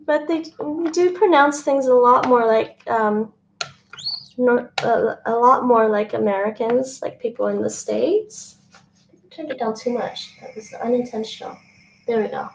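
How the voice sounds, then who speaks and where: A woman's voice: a little high, measured pace, gravelly, distant mic. Chatty young woman streaming in a kitchen. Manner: chatty, thinks aloud, laughs often. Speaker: streamer cooking live. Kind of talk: casual cooking chat with chat readers. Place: home kitchen. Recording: roomy, dull stream mic with fan noise.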